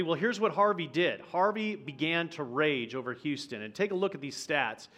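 A guest pastor telling a personal story in a sermon, conversational and vivid, acting out the quotes. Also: male voice, fairly high pitch, expressive, moderate pace, hardly any pauses, fairly bright tone. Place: church auditorium.

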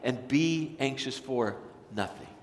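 Male pastor, sermon, mid-pitched, dynamic loud-to-quiet delivery, long church reverb. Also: takes it slowly, a little hiss or hum. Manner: animated, swings from loud to hushed. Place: church sanctuary.

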